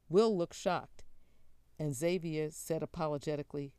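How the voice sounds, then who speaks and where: Low, dark-voiced woman narrator. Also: unhurried, smooth, no room sound. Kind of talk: audiobook narration.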